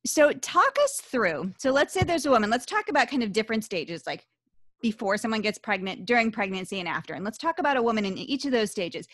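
A woman's voice: fairly high pitch, animated, fairly quick, fairly bright tone, no room sound, studio quality. A woman of fifty hosting an interview podcast, talking in an effusive, emotional way with many "like"s. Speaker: podcast host. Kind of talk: conversational interview.

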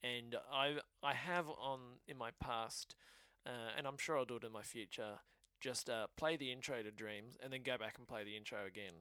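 A man's voice: mid-range voice, fairly even intonation, normal speed, few pauses, bright, forceful tone, no room sound. A man, co-hosting a casual chat and rambling through stories with many fillers. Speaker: podcast co-host.

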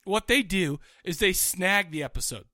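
A man's voice: high voice, animated, moderate pace, pushed and bright, no echo, studio quality. A man co-hosting a podcast in casual chat, rowdy and joking, often talking over his co-host.

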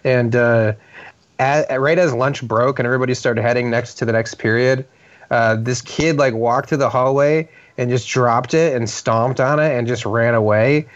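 A man's voice: medium pitch, fairly even intonation, moderate pace, no room sound. A man, a comedian co-hosting a podcast, chatting casually and rambling with lots of filler words. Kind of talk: casual chat. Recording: dull lo-fi podcast audio.

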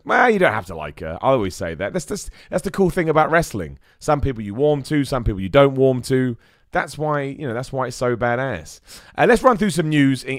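Young man, casual live podcast host, chatty and upbeat, mid pitch, dry close mic. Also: dry recording. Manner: chatty, animated, reads out viewer messages. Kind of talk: live-streamed wrestling podcast chat.

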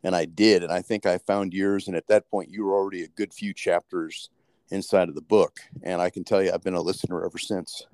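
A middle-aged man from Colorado, leaving a casual, halting voice message for a podcast. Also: deep voice, steady tone, a little mellow, no room sound. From Colorado, United States. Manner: halting, with fillers and restarts.

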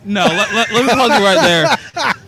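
A man co-hosting a casual podcast, talking in an excitable, joking way. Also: high-pitched, normal speed, music in the background. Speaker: co-host.

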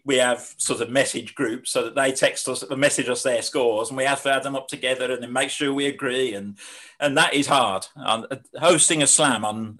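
A man's voice: medium pitch, fairly bright tone, rough recording. Rambling man, poet and host. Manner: rambling, self-deprecating, frequent restarts. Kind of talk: casual interview chat.

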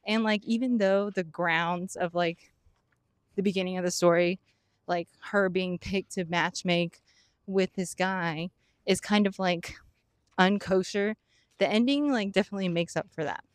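A woman's voice: on the low side, steady tone, unhurried, smooth, no room sound, studio quality. A young woman co-hosting a podcast, rambling with many "like" fillers and breaking into giggles. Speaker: podcast co-host. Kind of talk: casual chat.

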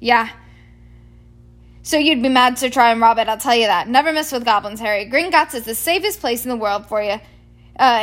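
A woman doing a loud hearty giant. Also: on the high side, natural voice. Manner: loud, hearty, rustic speech. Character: huge gruff friendly male giant groundskeeper. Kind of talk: read-aloud storybook voice.

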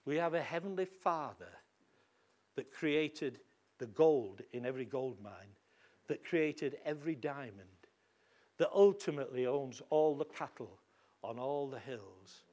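A man's voice: medium pitch, expressive, unhurried, a little mellow. A man with a Northern English accent preaching a sermon in a church hall, emphatic and calling for amens. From England. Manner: emphatic, call-and-response.

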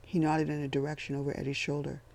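A man giving a measured, scripted narration of a story. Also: a little high, monotone, vocal fry, darkish tone. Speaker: audiobook narrator.

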